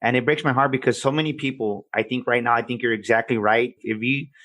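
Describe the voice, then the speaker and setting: A man hosting a casual interview, talking earnestly with quick agreement. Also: mid-range voice, fairly even intonation, a bit bright, no room sound. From Mexican heritage, based in San Antonio. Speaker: host.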